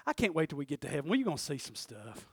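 Man, preacher, high voice, dry sound, shouts at the peaks. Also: big pitch swings, very fast, husky, no echo. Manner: shouts and climbs in pitch at peaks, calls for amens. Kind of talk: sermon.

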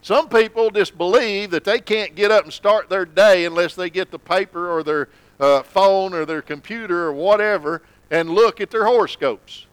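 A man preaching a sermon in church, folksy and conversational, sometimes dropping to a low hush for emphasis. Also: normal speed, hardly any pauses, clean tone, no room sound, rough recording. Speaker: pastor.

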